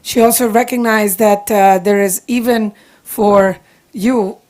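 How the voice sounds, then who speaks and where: A woman moderates and interprets, her voice sitting at a middle pitch. She sounds emotional and apologetic and rambles as she rephrases a question. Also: fairly even intonation, measured pace, a little mellow.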